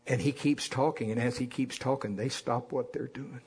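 A man's voice: mid-range voice, steady tone, moderate pace, a little mellow, breathy edge. A man preaching a sermon in a folksy storytelling way, having the congregation repeat lines after him. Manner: folksy storytelling with call-and-response.

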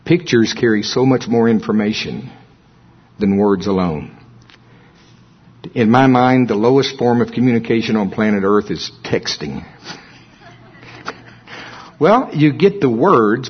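A man's voice: medium pitch, a little slow, long pauses, breathy edge. A man preaching a sermon in a folksy way, with humorous asides to the congregation. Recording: dull lo-fi recording.

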